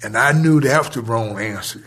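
A man telling a story from his youth in casual speech, acting out the dialogue and laughing between lines. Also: medium pitch. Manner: animated, retells scenes with quoted dialogue, laughs between lines; colloquial grammar, drawn-out pauses. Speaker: guest telling a life story.

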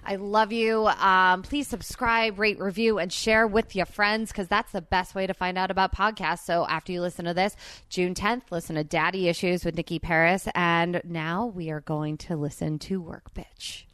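A woman's voice: fairly low pitch, steady tone, normal speed, fairly bright tone, smooth, no echo. Gushing woman podcast host. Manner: gushing, effusive praise. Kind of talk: casual podcast interview.

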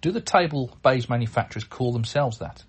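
A man with a somewhat husky voice hosts a podcast alone in a loose, chatty way. He rambles, restarts his sentences and fills gaps with ums and uhs. His pitch sits in the middle. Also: expressive, brisk. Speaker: podcast host. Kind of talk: casual solo podcast talk.

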